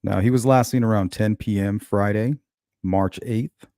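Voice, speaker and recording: Low, mellow man hosting a livestream. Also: steady tone, moderate pace, no echo, studio quality. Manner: musing, speculative, greets chat viewers. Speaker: host of a true-crime livestream. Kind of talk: casual live commentary.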